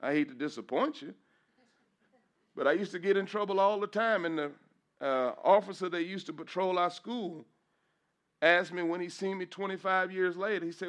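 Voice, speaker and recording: Giving an emotional church testimony, a middle-aged pastor preaches with repeated phrases and rises into praise, his voice breaking at times. The voice sits high and fairly bright, at a moderate pace.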